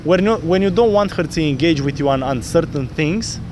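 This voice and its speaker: Animated male dating coach on a street. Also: a little high, a little fast, background noise. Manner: animated, acts out pickup lines in different voices. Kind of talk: outdoor coaching talk. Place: city street outdoors.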